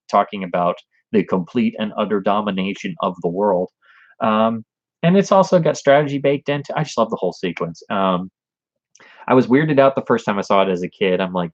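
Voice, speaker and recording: A man's voice: fairly low pitch, no echo, muffled recording. A man hosting a livestream, chatting casually and enthusiastically about films as a fan. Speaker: livestream host.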